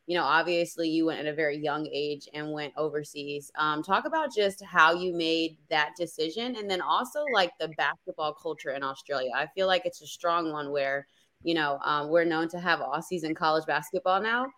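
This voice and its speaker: A woman's voice: sits low, normal speed, pushed and bright. A young adult woman co-hosting a podcast, chatty and upbeat, laughing easily. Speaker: podcast co-host. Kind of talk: casual chat.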